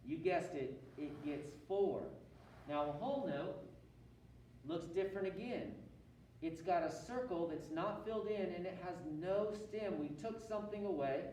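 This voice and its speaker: A man's voice: high voice, warm tone, very echoey, distant mic, a little hiss or hum, poor audio. A man teaching a rhythm lesson, counting beats aloud and having students repeat after him. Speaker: music teacher.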